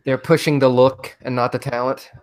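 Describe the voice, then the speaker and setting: A man's voice: medium pitch, level tone, moderate pace, smooth. An easygoing man hosting a podcast, introducing guests and steering the chat. His voice sits in a middle range with an ordinary delivery. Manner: easygoing, leads the segments. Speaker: podcast host. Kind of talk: casual chat.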